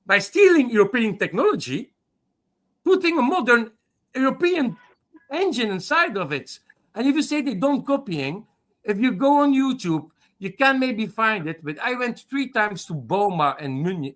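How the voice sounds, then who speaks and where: A man's voice: high voice, fairly bright tone. A man from Belgium on a video call in a heated live debate, restarting his points and swearing. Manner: repetitive, restarts with "the thing is", swears. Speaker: call-in panelist.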